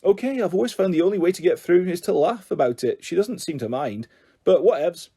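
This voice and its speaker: Brief: man playing a hurried, stammering headteacher in a storybook, animated and warm. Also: high voice, breathy edge, pitched above the performer's own voice, exaggerated voice. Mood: flustered. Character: flustered headteacher with a boy inside, hurried. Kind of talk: audiobook character voice.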